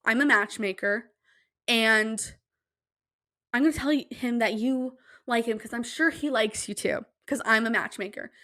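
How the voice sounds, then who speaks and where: A young woman hosting a casual solo podcast at home, telling stories in an animated, self-deprecating way and acting out quotes. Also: unhurried. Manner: animated, self-deprecating, acts out quotes with big pitch jumps. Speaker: podcast host. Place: home room, quiet at night.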